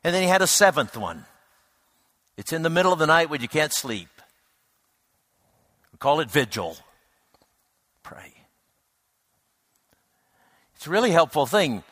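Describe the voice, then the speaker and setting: A man preaching a reflective sermon, unhurried, with frequent hesitant restarts. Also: a little high, sing-song, fairly bright tone, dry recording, studio quality.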